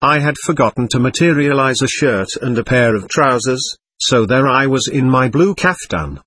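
A man narrating a first-person story in a steady, expressive reading. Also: mid-range voice, moderate pace, slightly rough, dry recording.

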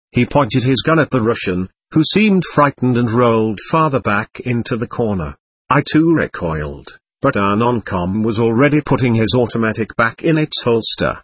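A man giving measured, vivid first-person narration of an audiobook. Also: mid-range voice, lively intonation, breathy edge.

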